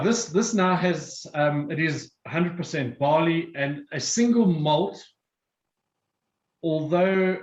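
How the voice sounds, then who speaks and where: A man's voice: a little high, echoey room, highs cut off. A man presenting a whiskey tasting and explaining each drink step by step. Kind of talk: guided tasting talk.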